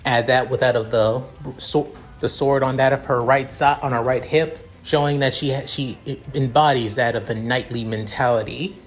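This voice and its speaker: A man's voice: mid-range voice, steady tone, moderate pace, faint music behind. A man improvising a fan fiction narration, rambling with many restarts.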